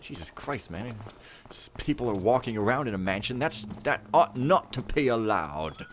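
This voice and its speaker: A man's voice: medium pitch, animated, moderate pace, slight background noise. Man joking through a game. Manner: joking, sarcastic, rambling. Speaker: let's play host. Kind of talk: casual game commentary.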